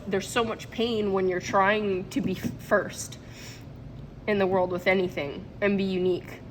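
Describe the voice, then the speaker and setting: There's slight background noise as a woman of medium pitch chats to camera in a relaxed vlog. Rambling and emotional, she keeps breaking into laughter; she vlogs and makes products.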